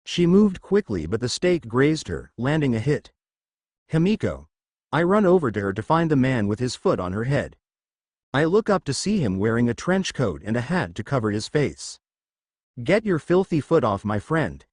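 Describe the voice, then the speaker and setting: A man's voice: medium pitch, sing-song, normal speed, darkish tone, dry recording, studio quality. A man narrating a first-person fan fiction story and reading every character's lines in his own voice. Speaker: fanfiction narrator.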